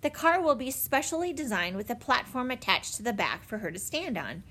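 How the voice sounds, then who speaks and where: A woman's voice: on the high side, big pitch swings, fairly quick, a bit bright, voice pushed up. A woman voicing a nervous, pushy middle-aged man who hesitates and talks eagerly in a storybook reading.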